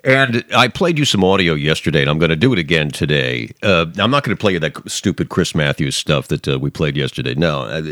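A man's voice: low voice, a bit bright, dry recording, studio quality. A middle-aged man hosting a podcast, giving rambling, emphatic political commentary with many restarts and mocking asides. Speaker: podcast host.

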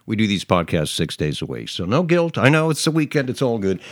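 A man's voice: lowish voice, big pitch swings, brisk, dry recording. A man hosting a casual talk show, telling digressive stories with frequent restarts and chuckles. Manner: chatty, digressive storyteller with frequent restarts and laughs. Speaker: radio or podcast host.

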